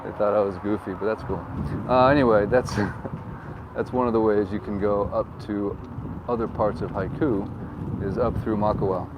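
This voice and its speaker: A real estate agent rides through a town street, giving an upbeat, joking tour full of rambling asides in casual, chatty commentary. His voice sits on the low side with a steady tone and moderate pace. The recording is muffled by a windsock-covered mic, with faint wind and street traffic behind him.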